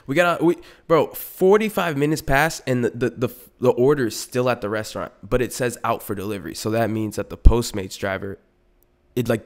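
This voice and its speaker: Man, podcast host, casual storytelling rant, profane, animated, middle pitch. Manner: profane, animated, frequent restarts and asides.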